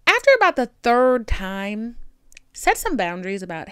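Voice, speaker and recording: A woman with a Southern country accent, hosting a podcast and giving candid advice in an animated, sassy way with lots of emphatic repetition. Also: a little high, normal speed, clean tone, dry recording. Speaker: podcast host.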